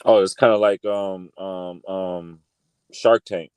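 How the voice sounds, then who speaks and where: A man hosting a casual panel chat, animated, laughing often and swearing freely. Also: sits low, slow pace, smooth, dry recording.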